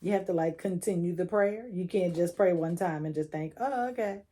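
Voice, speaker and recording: A young woman gives a relaxed, chatty tarot reading with a mellow, warm tone. She coaches the listener directly and drops in slang as she goes. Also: lowish voice, normal speed. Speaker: tarot reader.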